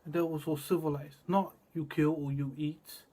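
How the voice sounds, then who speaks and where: Husky man in a cryptic rambling monologue. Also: fairly high pitch, little pitch movement, normal speed. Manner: cryptic and repetitive, drifting between murmurs and loud bursts.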